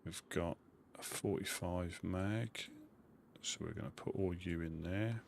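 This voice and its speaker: This is casual live-stream commentary from a Suffolk-accented man who talks to himself as he organizes his gear mid-game. He sounds deep and unhurried, with vocal fry, over a noisy background.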